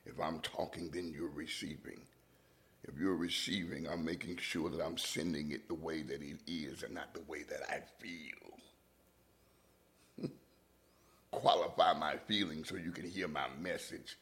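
A man's voice: a bass voice, steady tone, normal speed, a bit bright. A man hosting a reflective monologue, musing with restarts and sometimes dropping into a whisper. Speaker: podcast host.

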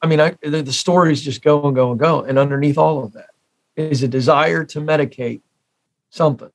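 Emphatic American man in his forties, higher-pitched. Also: fairly even intonation, a little fast. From United States. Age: 40s. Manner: emphatic, repeats key phrases for effect. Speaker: guest, career expert. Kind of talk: interview storytelling.

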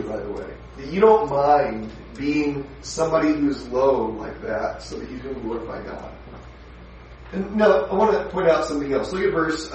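A man preaching a sermon verse by verse in a chatty, emphatic way, often stopping to ask questions. His voice sits a bit high for a man. He is heard from a distant mic in a large echoey room with faint background noise. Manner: conversational, emphatic, asks the audience questions. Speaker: pastor. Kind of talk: sermon, verse-by-verse Bible teaching.

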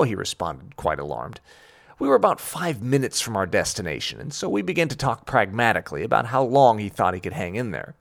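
Man, radio commentary, gravelly voice, lively pitch, earnest and emphatic. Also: quick pace.

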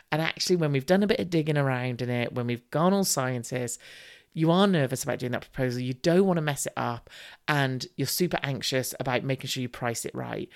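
A woman in her forties hosting a solo podcast, giving candid, chatty, self-deprecating advice. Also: very deep voice. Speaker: podcast host.

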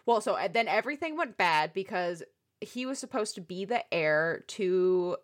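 A woman co-hosting a podcast, casually recapping a novel with expressive, exasperated commentary. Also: mid-range voice, moderate pace. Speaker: podcast co-host. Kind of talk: casual book recap chat.

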